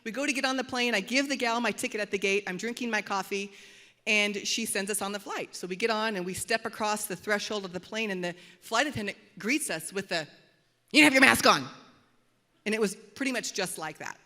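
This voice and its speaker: A middle-aged woman pastor preaching a sermon in a church auditorium, telling a story with animated, dramatic delivery. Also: mid-range voice, fairly quick. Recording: long hall reverb.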